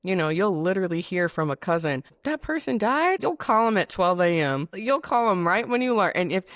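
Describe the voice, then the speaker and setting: A woman's voice: lowish voice, expressive, a little fast, no room sound, clean studio sound. A woman hosting a casual conversation, thoughtful and rambling, often restarting her sentences. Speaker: podcast host.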